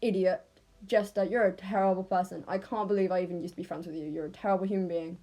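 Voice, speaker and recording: A woman's voice: lowish voice, steady tone, fast, dark tone. A woman voicing a furious warrior cat confronting a former friend in a storybook retelling, speaking with contempt.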